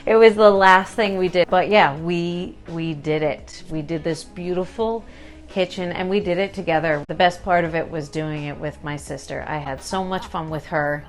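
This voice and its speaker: A woman chatting casually about a kitchen renovation she did, telling stories in an animated way and laughing as she talks. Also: sits low, moderate pace. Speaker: home renovation vlogger. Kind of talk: casual chat.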